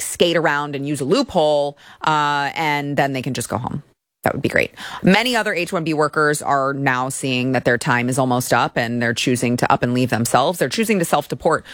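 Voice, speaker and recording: A woman's voice: fairly low pitch, fairly bright tone, dry recording, clean studio sound. A woman from the United States giving sarcastic, mocking opinion commentary and reading posts aloud. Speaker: political commentator.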